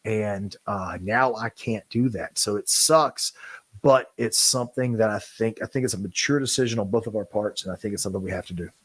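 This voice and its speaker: Emotional man, husky low voice. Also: a bit bright, dry recording. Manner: halting, earnest, apologetic. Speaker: podcast host. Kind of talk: candid podcast talk.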